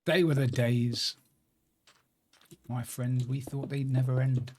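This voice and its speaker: A man's voice: medium pitch, fairly even intonation, takes it slowly, darkish tone, a little hiss or hum. A man chatting casually and joking at his own expense while he streams a video game. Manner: chatty, self-deprecating banter. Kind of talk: casual live-stream commentary while gaming.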